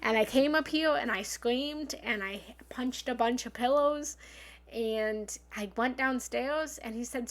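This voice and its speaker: Her voice is on the high side and her pace measured. Broadcasting live from a home office that doubles as a meditation room, this spiritual love coach gives an earnest, encouraging self-help talk, speaking frankly, sometimes swearing, and repeating affirmations.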